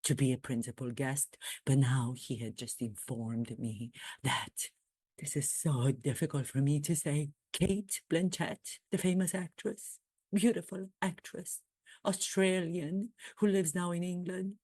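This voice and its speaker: A woman impersonating a nervous, secretive prince, hushed and self-pitying in a satirical impression. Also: deep voice, steady tone, unhurried, husky, no echo.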